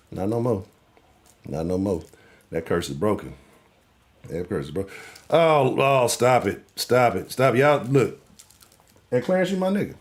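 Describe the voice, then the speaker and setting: Man, sports talk host, loose and profane, joking banter. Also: mid-range voice. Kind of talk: casual live sports talk.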